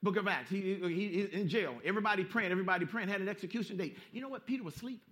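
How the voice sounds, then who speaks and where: A man from Southern California preaching with a high, bright, ringing voice. He hammers home repeated phrases, drops to a near hush and then swells loud, all in a folksy, street-style preaching manner. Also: racing. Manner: emphatic, repeats phrases for effect, swings from hushed to loud. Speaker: pastor. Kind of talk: sermon.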